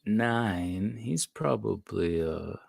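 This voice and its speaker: Guy in his 40s on a radio call, kinda low voice, dry mic, chill and laughing a lot. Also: drawn-out words, creaky, breathy edge, dry recording. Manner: friendly, laughing, relaxed banter. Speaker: guest. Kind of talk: casual radio interview chat.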